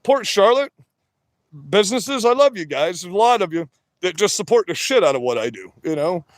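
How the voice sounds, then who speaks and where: A man livestreaming from his work shed on a phone, talking loud, rambling and profane, wired on energy drinks, so that he always sounds like he is yelling. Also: high voice, very animated, normal speed, no echo. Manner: loud, rambling and profane, with many "you know"s. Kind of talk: livestream rant.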